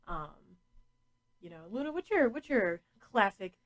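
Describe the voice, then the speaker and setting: A woman's voice: medium pitch, sing-song, measured pace, low-quality recording. A woman hosting a casual podcast, chatty and frank, laughing often and swearing freely. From New England. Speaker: podcast host.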